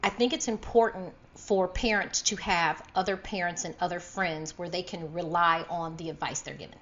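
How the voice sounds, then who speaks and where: Lively, laughing woman podcast co-host. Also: lowish voice, normal speed, lo-fi sound, slight background noise. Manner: animated storytelling, acts out quotes, laughs often. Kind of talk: casual chat.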